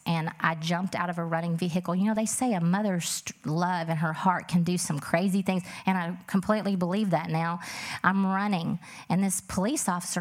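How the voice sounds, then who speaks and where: Woman, mother, speaking testimony; earnest, plain, low-ish pitch. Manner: earnest, plain-spoken, with many fillers. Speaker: mother telling her story. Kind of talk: emotional personal testimony.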